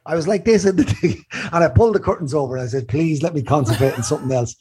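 A man's voice: on the high side, fast, a little hiss or hum. A middle-aged man with an Irish accent, chatting casually as a host and telling a story with lots of swearing and acted-out voices. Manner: animated storyteller, swears freely, acts out other voices. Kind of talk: casual chat.

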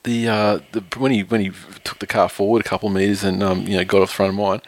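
A man's voice: on the low side, level tone, fast. A man, telling a profane road-rage story with laughs on a podcast. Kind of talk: casual chat, storytelling.

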